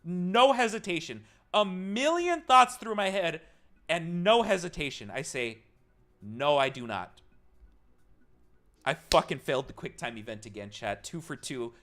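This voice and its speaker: This young streamer has a fairly high, expressive voice and talks a little slowly. He tells his chat a casual story peppered with swearing, erupting now and then into loud fake panic.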